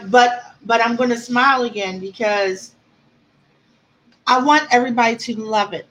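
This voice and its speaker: Husky woman chatting emotionally with viewers. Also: fairly high pitch, a bit bright, low-quality recording. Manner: chatty, emotional, reads and answers viewer comments. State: close to tears. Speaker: author livestreaming to viewers. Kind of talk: casual livestream chat.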